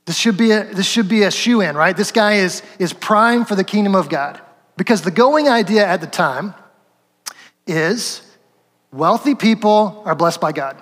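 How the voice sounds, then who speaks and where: A man's voice: high-pitched, expressive, measured pace, in a large hall. A man preaching a sermon as pastor, conversational and asking the congregation questions.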